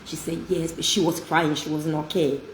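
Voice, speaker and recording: This woman's low-pitched voice keeps a fairly even intonation at a moderate pace as she hosts an inspirational talk. She tells stories in a warm, heartfelt and emphatic manner. The recording has room echo and light noise.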